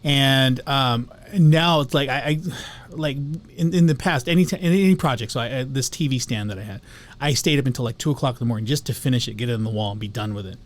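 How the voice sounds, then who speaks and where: A man's voice: medium pitch, fast talker. A man co-hosting a casual talk on emotions, reflective and sharing personal stories. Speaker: co-host.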